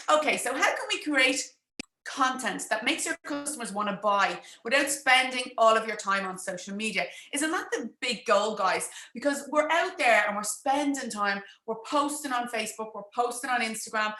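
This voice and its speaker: A woman business coach talking quickly and chattily on a livestream, speaking straight to her viewers. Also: on the high side, sharp tone, roomy sound. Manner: fast-talking, chatty, addresses viewers directly. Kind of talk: live-streamed social media coaching talk.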